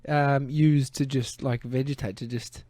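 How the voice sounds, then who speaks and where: A man's voice: mid-range voice, fairly even intonation, unhurried, dark tone, dry recording. A man with an Australian accent hosting a podcast, chatting in an easygoing way and reading out viewer comments. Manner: easygoing, picks up on words, reads viewer comments. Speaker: podcast host. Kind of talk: casual chat.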